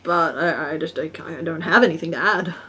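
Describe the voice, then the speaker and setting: A woman with a slightly low voice chats loosely while she crochets on a live stream. She rambles, restarts her sentences and drops to a mutter when she counts stitches. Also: a little fast, pushed and bright, slightly rough. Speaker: crochet streamer and pattern designer.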